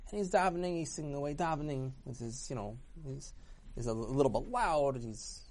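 A man telling a story in a casual, talky way, with lively swoops in his voice. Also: fairly quick. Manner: animated, swooping pitch, talky.

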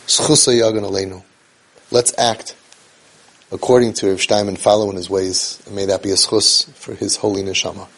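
With a level tone at normal speed, this man talks about parenting and faith in an inspirational speech, emphatically telling a story, repeating key lines, and using Hebrew and Yiddish terms. His lowish voice is husky yet a bit bright.

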